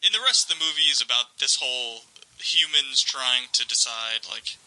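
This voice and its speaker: In a casual podcast chat, the male host tells stories with animated energy, mimicking the voices he quotes and laughing often. His pitch is medium and his pace moderate, though the audio quality is poor.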